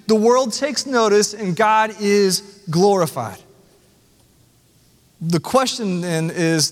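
A man's voice: high voice, fairly bright tone, long reverb tail. A man preaching a sermon as the pastor, earnest and conversational, asking the congregation rhetorical questions. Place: church sanctuary.

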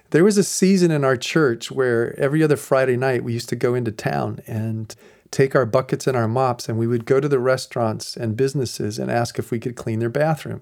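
A middle-aged man who is a pastor, telling stories in a podcast and acting out the people in them. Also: mid-range voice. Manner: animated storyteller who acts out the people in his stories. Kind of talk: storytelling podcast talk.

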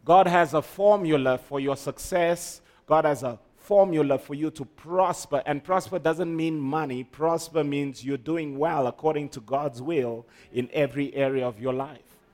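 A man's voice: a little high, normal speed, darkish tone. A man preaching a sermon, emphatic, with call-and-response to the congregation. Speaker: pastor.

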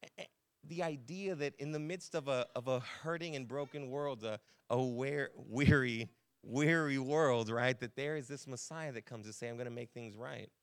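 A man's voice: medium pitch, fairly bright tone. A man serving as lead pastor, giving a casual, chatty sermon to his congregation in a church, full of fillers and self-corrections. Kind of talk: conversational sermon.

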